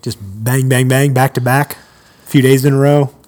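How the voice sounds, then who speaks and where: A man's voice: medium pitch, fairly even intonation, moderate pace, darkish tone. A middle-aged man co-hosting a casual podcast, trading wry comebacks and teasing quips. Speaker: podcast co-host. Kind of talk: casual banter.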